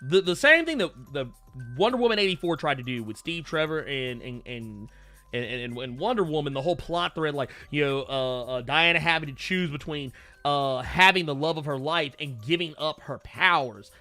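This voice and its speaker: A man co-hosting a comic book live stream, reading viewer comments in an animated, rambling way and swearing casually. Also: a little high, moderate pace, faint music behind. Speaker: co-host of a comic book talk show.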